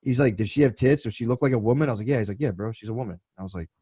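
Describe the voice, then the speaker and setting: A man's voice: medium pitch, very fast, mellow, slightly rough, dry recording, poor audio. A young man co-hosting a podcast, rambling through profane stories with constant restarts. His voice sits in a middling register. The sound is dry and close to the mic. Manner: loose, profane storytelling with many restarts. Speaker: podcast co-host. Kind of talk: casual podcast banter.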